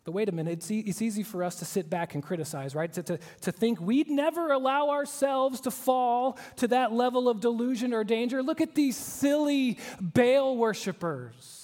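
High-voiced preacher in a reverberant hall. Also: male voice, a little fast, few pauses. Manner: earnest, emphatic preaching with shifts to hushed tones. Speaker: pastor. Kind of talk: sermon.

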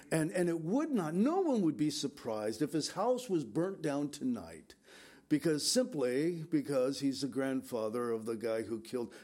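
A man's voice: fairly high pitch, darkish tone. An older man, a pastor, giving an earnest, conversational sermon and urging his listeners on. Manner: earnest, exhorting.

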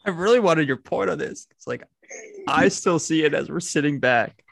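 A man's voice: a little high, lively intonation, normal speed, vocal fry, a bit bright, no echo. A man hosting a casual football chat, rambling with restarts and laughing often.

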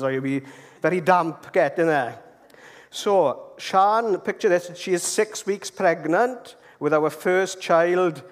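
A Welsh man delivers a storytelling sermon in a fairly high voice, chatty and easygoing, often pausing to ask his listeners "okay?". His words ring on with the long reverb of a large hall. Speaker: preacher.

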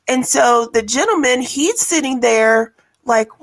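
A woman co-hosting a casual discussion, telling stories thoughtfully with frequent pauses and ums. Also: sits high, gravelly.

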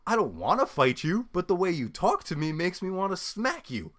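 A man's voice: big pitch swings, normal speed, fairly bright tone. A young man in casual chat, ranting with heavy swearing and frequent laughter. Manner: profane ranting, mimics people in a high voice; laughs often.

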